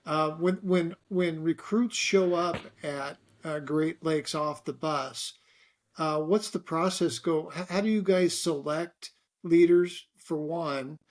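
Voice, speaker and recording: A man's voice: fairly high pitch, takes it slowly. A middle-aged man hosting an interview, asking long questions with many restarts and fillers. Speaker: host and interviewer.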